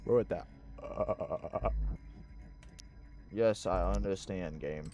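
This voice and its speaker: A man's voice: low-pitched, slow pace, pauses often, mellow. A young man streaming a horror game, reacting with frequent swearing and laughs between lines. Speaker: gaming streamer. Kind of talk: casual gaming commentary.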